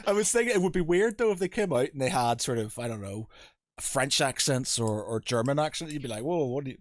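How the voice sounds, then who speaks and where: A man's voice: medium pitch, animated, brisk, no echo. A man chatting loosely on a podcast, full of fillers and easy laughter. His voice sits in a middling register and sounds close and dry, with no room around it. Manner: rambling, laughs often, many fillers. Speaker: podcast host. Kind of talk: casual chat.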